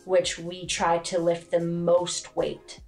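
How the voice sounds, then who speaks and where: Low-voiced woman coach, relaxed and plain-spoken; faint music under. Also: takes it slowly, gravelly. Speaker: gym owner and strength coach. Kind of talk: casual podcast chat.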